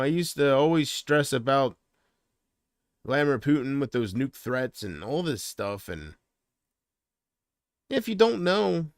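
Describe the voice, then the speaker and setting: A man's voice: a little high, clear, resonant tone, no echo, studio quality. A man chatting casually on a livestream from home, rambling and hesitant, often trailing off.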